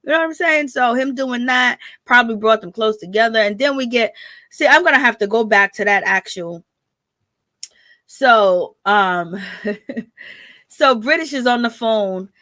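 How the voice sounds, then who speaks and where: Woman recap vlogger, higher voice, dry close sound, chatty slangy gossip with frequent laughs. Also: measured pace, sharp tone, dry recording. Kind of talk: casual gossip commentary.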